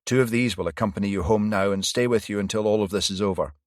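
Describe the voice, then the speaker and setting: Man doing calm detective, lowish voice, measured, dry sound. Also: dry recording, lightly acted. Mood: steady. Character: steady male police detective.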